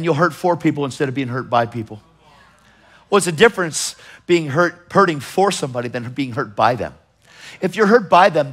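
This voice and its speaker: A middle-aged male preacher delivering a sermon with a slightly higher-than-usual voice. He presses his points with emphatic urgency, swinging between loud pushes and hushed asides. While telling stories he briefly acts out the people in them. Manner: acts out others in quoted voices while storytelling.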